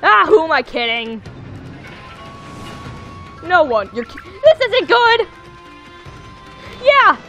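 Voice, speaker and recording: Excitable woman let's player, very high voice, slow and bright. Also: faint music behind. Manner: excitable, squealing reactions. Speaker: gamer playing a video game. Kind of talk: let's play commentary.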